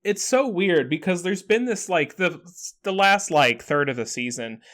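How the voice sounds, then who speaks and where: A man co-hosting a podcast in casual chat, retelling scenes in an animated way with lots of "like" and playful asides. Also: high voice, normal speed. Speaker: podcast co-host.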